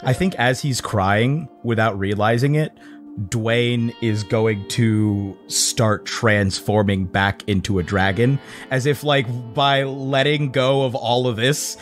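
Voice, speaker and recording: A man's voice: mid-range voice, fairly even intonation, takes it slowly, faint music behind. A man playing a tabletop game, hesitantly describing his character's actions with many fillers. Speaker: player. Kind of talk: casual tabletop role-play.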